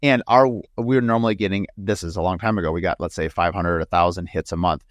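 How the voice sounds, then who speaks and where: A man from the northern United States hosting an interview podcast in a low voice. He tells rambling stories full of asides and fillers. The sound is dry and close. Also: fairly even intonation, fast, dry recording. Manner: rambling storyteller, frequent asides. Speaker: podcast host and home builder. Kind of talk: casual interview chat.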